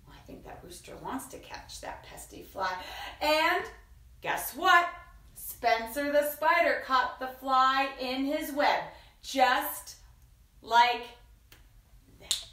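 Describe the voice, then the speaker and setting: Children's storyteller, woman, high lively voice, unhurried, sing-song, roomy echo with the mic at a distance. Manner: playful, sing-song, drops to soft whispers. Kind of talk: reading a picture book aloud to children.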